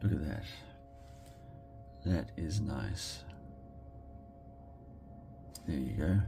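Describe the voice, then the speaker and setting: An Australian man talking casually as he makes a card, thinking aloud and quietly murmuring approval at his work. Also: extremely low pitch, expressive, extremely slow, gravelly, over music. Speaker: card-making crafter. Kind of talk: casual commentary while crafting.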